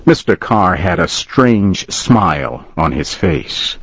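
A man narrating a story in slow, plain, carefully spoken language for learners. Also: low-pitched, very animated, fairly bright tone, husky, no room sound, highs cut off.

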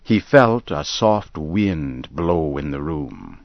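A man narrating a story in a slow, deliberate, clearly paced scripted reading. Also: rumbling low, expressive, no room sound, lo-fi sound.

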